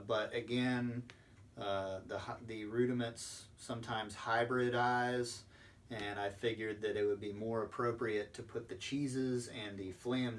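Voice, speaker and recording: Guy teaching drum stuff, kinda low voice, patient w lots of ums, sounds far from the mic. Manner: patient, step-by-step explaining with frequent ums. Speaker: percussion instructor. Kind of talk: recorded instructional lesson. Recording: distant mic with faint background noise.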